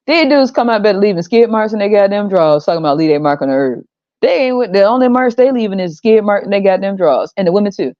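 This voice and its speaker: An American woman ranting on her podcast, her pitch swinging all over as she mocks and curses. The sound is dry and a little dull and lo-fi. She laughs often and slips into high mimicking voices. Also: expressive, fast, no room sound. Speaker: podcast host. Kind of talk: casual monologue rant.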